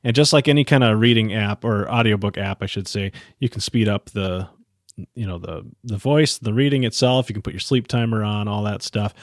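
A man's voice: on the low side, a little fast, no echo. A man co-hosting a casual podcast, making dry joking asides and describing an app. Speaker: podcast co-host. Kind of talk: casual chat.

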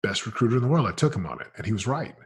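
Very husky-voiced man telling his story. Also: racing. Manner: energetic, fillers like "man" and "like"; swings from loud excitement to low murmur. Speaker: business coach, interview guest. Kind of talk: casual storytelling.

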